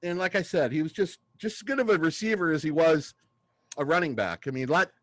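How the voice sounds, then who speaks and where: A man in his fifties from southern California co-hosts a casual sports podcast, spinning stories with excitement. His voice sits a little high, and the recording is dry and close. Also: a little fast, no echo. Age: 50s. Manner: excitable storyteller, acts out quotes loudly. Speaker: podcast co-host.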